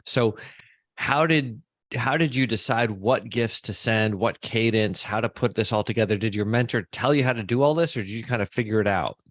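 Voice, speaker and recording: A man hosting a podcast interview, relaxed and chatty with light jokes. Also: lowish voice, normal speed, dry recording, clean studio sound. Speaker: podcast host. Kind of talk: casual interview chat.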